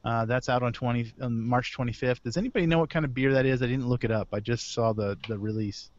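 A man's voice: mid-range voice, fast talker, dry recording, lo-fi sound. A man hosting a casual beer podcast over a video call, rambling through release news and correcting himself as he goes. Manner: rambling, self-correcting, chuckles between items. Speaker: podcast host.

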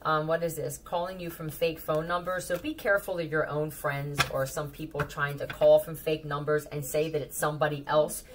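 A woman with a Philadelphia accent giving a casual tarot reading, blunt and profane, with animated warnings to her viewers. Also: sits low, moderate pace, few pauses, background noise. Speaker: tarot reader.

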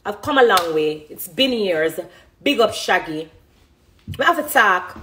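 A woman's voice: mid-range voice, expressive, unhurried, sharp tone, a little hiss or hum. A middle-aged woman with a Jamaican accent, talking passionately and emphatically in an interview about her music. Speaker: dancehall artist. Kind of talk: emotional interview talk.

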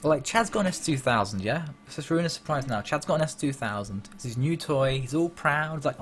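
A man's voice: on the high side, expressive, a little fast, few pauses, fairly bright tone. A man casually commentating on a racing game, joking and swearing as he plays. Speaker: gaming channel host. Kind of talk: let's play commentary. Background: background music.

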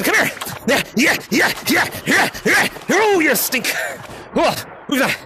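A young man hosting a VR game lobby, shouting energetic play-by-play calls, repeating himself and laughing as he plays. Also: extremely high pitch, a little slow, noisy background. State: sweaty. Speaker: VR game streamer hosting fan lobbies. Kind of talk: excited live gameplay commentary. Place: indoors, playing in VR.

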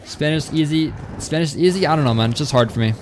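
Speaking fast in a slightly high voice, a young man streams a game live against slight background noise. He chats casually, rambling and reading viewer messages out loud.

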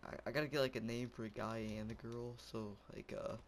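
A little hiss or hum sits under this mid-range male voice, which runs a bit fast with fairly even intonation. The young gameplay commentator rambles goofily in casual style, yelping and laughing as he plays.

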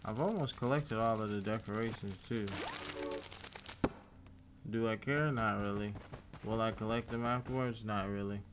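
A man's voice: fairly low pitch, steady tone, normal speed, long pauses, noisy background. A man giving laid-back, profane commentary while playing a game, telling a story between fights. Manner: laid-back, talks to himself, swears at enemies. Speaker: gaming YouTuber. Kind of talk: casual gameplay commentary.

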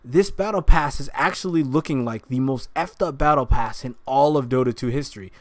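A man's voice: mid-range voice, brisk, no room sound. A man giving heated commentary while streaming from his gaming computer, ranting angrily and swearing often. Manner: angry ranting, frequent swearing.

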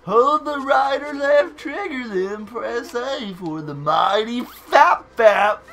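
A man voicing a peppy little male mole teacher in a high, excited, choppy way while reading game text. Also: takes it slowly, heavily acted.

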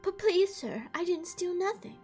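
Woman doing a squeaky pleading refugee. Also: animated, normal speed, a little mellow, faint music behind. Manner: high-pitched, pleading. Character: frightened young refugee man pleading.

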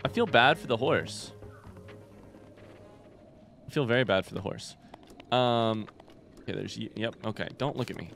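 A man's voice: mid-range voice, normal speed, gravelly, pauses often, fairly bright tone, faint music behind. A man hosting a casual let's-play video, chatting animatedly and talking back to the creatures in the game. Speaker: gaming video host.

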